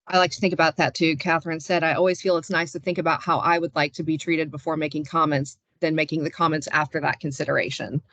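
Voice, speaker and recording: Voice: medium pitch, level tone, quick pace, few pauses, a bit bright, no room sound. A moderator hosting a panel video call who affirms speakers and reads out viewer comments.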